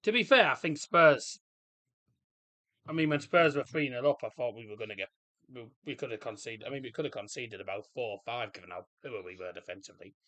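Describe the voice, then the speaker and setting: Bright chatty man, streaming. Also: medium pitch, lively intonation, fairly quick. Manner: chatty, rambling, jokey, reacts loudly to play. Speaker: livestream host. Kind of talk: casual match watchalong chat.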